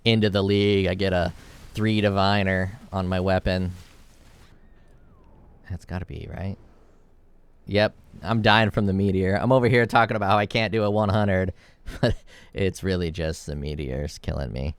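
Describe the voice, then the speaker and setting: A man with a low, smooth voice talks his way through a video game in a loose, rambling way. He thinks aloud, drifts into jokes and swears now and then. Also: steady tone, normal speed, long pauses, dry recording. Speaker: gameplay video creator. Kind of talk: casual gameplay commentary.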